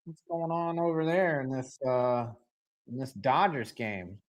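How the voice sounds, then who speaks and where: A man streaming a live football reaction, excitable and rambling, swinging from loud outbursts to low mutters. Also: a little slow. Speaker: sports streamer.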